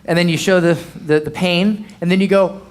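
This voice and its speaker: Brief: blunt marketing coach in a live Q&A, mid-pitched, punchy and repetitive. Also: steady tone, normal speed. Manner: punchy and repetitive, peppered with "okay?" and "boom", blunt, occasional swearing.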